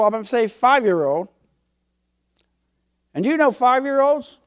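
A man's voice: very high voice, animated, a little slow, clear, resonant tone. An older man, a pastor, preaching a sermon with emphatic, folksy delivery and homespun stories.

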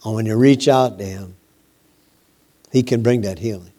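A man preaching a sermon, slow and emphatic, repeating phrases and letting his voice drop at the ends of lines. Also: on the low side, dark tone.

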